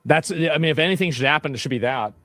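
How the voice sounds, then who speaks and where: A man co-hosting a casual discussion, talking in a measured, hedging way. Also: a little high, fairly bright tone, dry recording, faint music behind.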